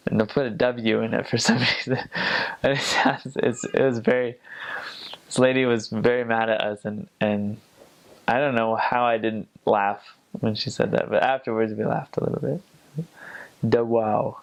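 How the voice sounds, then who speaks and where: A young man back from missionary service spins casual stories, rambling with frequent fillers and restarts and mimicking accents. His mid-range voice carries vocal fry, a steady tone, and a moderate pace.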